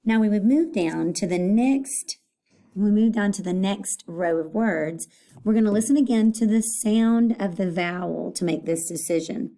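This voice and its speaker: Woman teacher, unhurried and patient, warm low-key tone, repeats each word for young pupils. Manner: slow, patient, repeats words to sound them out. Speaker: elementary school teacher. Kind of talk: recorded phonics lesson for children.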